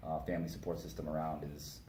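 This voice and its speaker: Low-voiced male co-host, earnest and halting; echoey room with faint background noise. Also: level tone, warm tone. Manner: earnest, halting, full of fillers. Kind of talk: casual chat.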